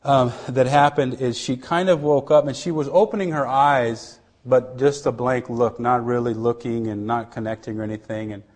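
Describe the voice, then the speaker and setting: A middle-aged missionary man sharing a personal testimony in an earnest, halting way, with many restarts, dropping to a hush at tender moments. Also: medium pitch, steady tone.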